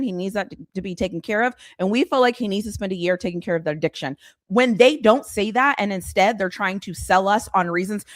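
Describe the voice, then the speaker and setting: Woman host, blunt sarcastic live-stream ranter, lively pitch. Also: no room sound, studio quality. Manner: animated, exasperated, blunt, sarcastic. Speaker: sports commentary host. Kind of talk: casual live-stream rant.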